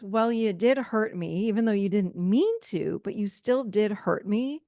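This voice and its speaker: A woman talks straight to her listeners as a relationship coach on her podcast, emphatic and direct. Her voice has a gravelly fry at mid pitch. The sound is close and dry. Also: lively intonation, moderate pace, few pauses, warm tone, no echo. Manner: emphatic, direct, conversational, addresses listeners as "you guys". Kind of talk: solo podcast advice talk.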